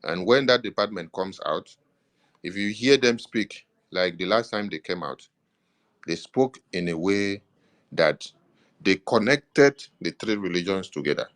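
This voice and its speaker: A man's voice: low voice, lively intonation, unhurried, fairly bright tone. A man with a Nigerian accent, speaking as a government media minister in an impassioned political address, stressing points with repeated affirmations.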